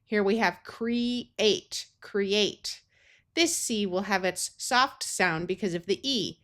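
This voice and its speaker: A woman's voice: medium pitch, slow, a bit bright. An American woman teaching a phonics lesson, sounding out words carefully in parts. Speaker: reading tutor.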